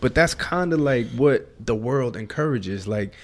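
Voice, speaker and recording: This man has a voice at middling pitch and talks in a loose, conversational way. He fills his speech with "like" and tag questions as he reasons through his points on a casual faith podcast. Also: expressive, unhurried. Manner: conversational, uses many "like" and "right?" tags.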